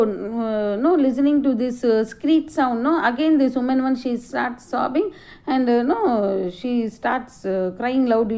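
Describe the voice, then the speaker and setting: A middle-aged woman teacher explaining a play to a class, halting with many fillers. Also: a little high, mellow. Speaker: English teacher.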